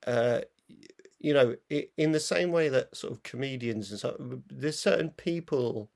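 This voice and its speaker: Gravelly man rambling about films. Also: medium pitch, measured pace, a little mellow. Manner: rambling, full of fillers and restarts. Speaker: film review show co-host. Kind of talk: casual chat.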